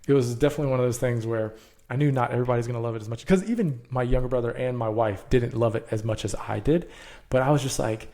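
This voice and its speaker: A man with a mid-range voice co-hosts a podcast, chatting casually. He's excitable and laughs easily.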